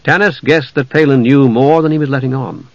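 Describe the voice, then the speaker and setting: A man narrating a fantasy audiobook in a measured, even delivery at a mid pitch. The recording is dry and close, with a slightly dull, band-limited tone. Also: no room sound. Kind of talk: scripted narration.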